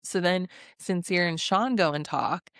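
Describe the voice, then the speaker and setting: A woman's voice: fairly low pitch, measured pace, fairly bright tone, smooth, dry recording, clean studio sound. Sassy laughing woman recapping reality TV. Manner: chatty, laughing often, acts out quotes; sassy commentary. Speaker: recap host. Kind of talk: casual reality-show recap.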